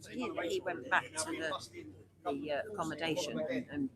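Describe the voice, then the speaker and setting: A woman interviewed outdoors, speaking emphatically and chiming in with quick agreement. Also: low-pitched. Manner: emphatic, agreeing, frequent short backchannels. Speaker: interviewee at a protest. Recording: outdoor street with crowd noise.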